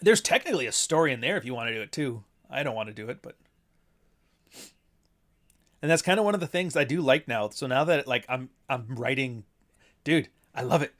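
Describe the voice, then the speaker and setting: Animated profane man livestreaming. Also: medium pitch, fairly quick, pauses often. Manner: animated, laughing, profane storytelling. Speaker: livestream host and author. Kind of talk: casual livestream chat reading super chats.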